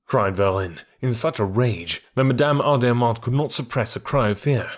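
A man's voice: medium pitch, moderate pace, hardly any pauses. Man narrating an audiobook.

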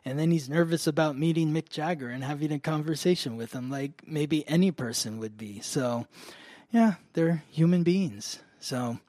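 A man with a slightly high voice chats casually, rambling through a story with constant fillers and easy laughs. The recording is dry and close, with no room sound. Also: normal speed, warm tone, no room sound. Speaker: astrology podcast host.

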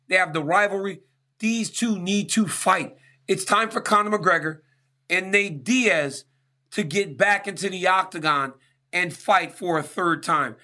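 A man's voice: high-pitched, unhurried, pushed and bright. A man hosting a sports talk show, answering listener questions in an emphatic, conversational way and often checking in with "right?". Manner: emphatic, keeps asking "right?".

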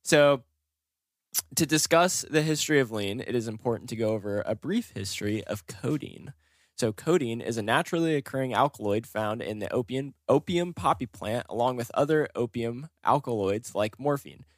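A man's voice: mid-range voice, animated, normal speed, dry recording, clean studio sound. A man co-hosting a casual podcast, reading history notes loosely and laughing often. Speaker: podcast co-host.

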